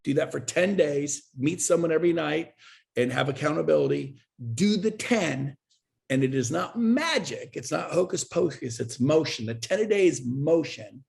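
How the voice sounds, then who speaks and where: A man talking as a guest in an interview, pitching hard with emphatic, repetitive and urgent delivery. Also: lively intonation, normal speed, vocal fry, a little mellow. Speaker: guest, real estate agent and recruiter. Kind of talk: energetic sales pitch in an interview.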